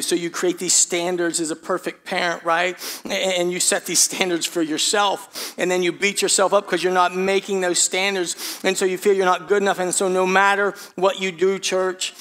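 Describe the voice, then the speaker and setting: A man's voice: high-pitched, a bit bright. A man preaching a sermon as a pastor, often asking the congregation questions and repeating phrases for emphasis. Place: church sanctuary.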